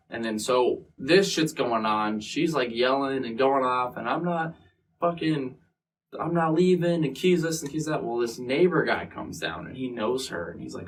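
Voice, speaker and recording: A man's voice: medium pitch, normal speed. Guy telling a wild story, cussing a lot, kinda far from the mic. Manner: profane, rambling, acts out quotes. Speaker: interview guest. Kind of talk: casual storytelling. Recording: distant mic with faint room noise.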